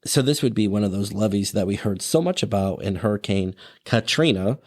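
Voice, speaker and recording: A man hosting a podcast, his voice sitting a little low. He narrates in a relaxed, conversational way, adding fillers and side remarks as he goes. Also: quick pace, slightly rough. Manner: casual, with fillers and asides. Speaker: podcast host.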